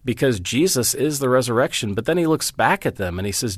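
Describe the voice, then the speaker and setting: A man's voice: medium pitch, expressive, fairly quick, hardly any pauses, dry recording, clean studio sound. A middle-aged man, a Bible teacher, speaking as a guest in an interview, earnest and storytelling as he walks through scripture references. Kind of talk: interview conversation.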